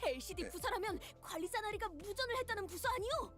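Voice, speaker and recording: A woman voicing an excitable, brash young game character, exclaiming loudly. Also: extremely high pitch, racing, over music. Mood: excited.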